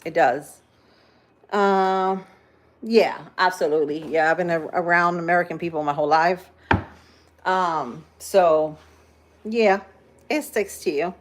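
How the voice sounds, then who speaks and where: A woman's voice: on the low side, a little slow, pauses often, slight background noise. A woman in her fifties from Spain, chatting casually on a livestream while she cooks in her home kitchen, rambling with many fillers. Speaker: livestream host.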